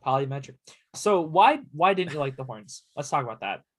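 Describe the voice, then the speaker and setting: A man ribs his co-host as they chat casually about music. His manner is playful and teasing. His voice sits a little higher than most men's. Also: very animated, brisk. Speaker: podcast co-host.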